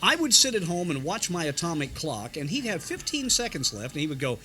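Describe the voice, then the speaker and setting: An older man from Indiana spins radio-days anecdotes in a high, lively, bright voice. He slips into quick voice impressions and sound effects as he goes. Faint music plays behind him in a restaurant. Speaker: veteran radio broadcaster. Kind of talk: anecdotal storytelling.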